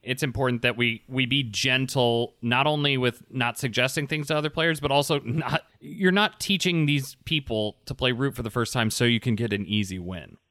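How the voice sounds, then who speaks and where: Bright-voiced man explaining game teaching. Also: medium pitch, moderate pace, hardly any pauses, dry recording, studio quality. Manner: earnest, explanatory, acts out example lines. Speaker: podcast co-host. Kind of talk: casual board game discussion.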